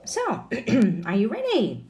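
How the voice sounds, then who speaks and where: A woman's voice: a little high, takes it slowly, noisy background. Woman english teacher, voice jumps up and down a lot, keeps asking the viewer stuff. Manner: expressive, asks the viewer questions. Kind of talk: online English lesson.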